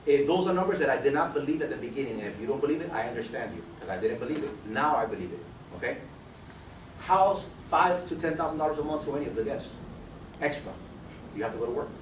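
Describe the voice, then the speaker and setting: Persuasive man pitching in an echoey room. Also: lively intonation, fast. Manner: persuasive, quizzing listeners by name. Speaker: business opportunity presenter. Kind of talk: sales pitch to an audience. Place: meeting room with guests. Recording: echoey room, mic far off, faint background noise.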